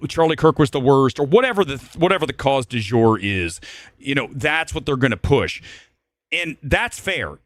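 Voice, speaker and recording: A man's voice: a little high, fairly bright tone, no echo. A man hosting a live movie talk stream, delivering a blunt, emphatic rant that circles back to repeat his points. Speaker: host. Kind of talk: livestream commentary rant.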